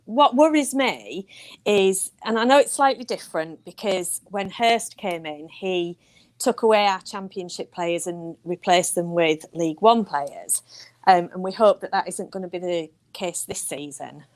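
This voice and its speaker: A woman's voice: lowish voice, a little slow. A woman with a Yorkshire accent, co-hosting a casual fan podcast, laughing easily and thinking aloud with fillers. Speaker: podcast co-host.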